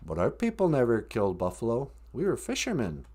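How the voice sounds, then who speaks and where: A man co-hosting a comedy podcast, pitching ideas hesitantly with many fillers. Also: wildly swooping pitch, fairly quick, a little mellow, breathy edge. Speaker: podcast co-host. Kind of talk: comedic banter.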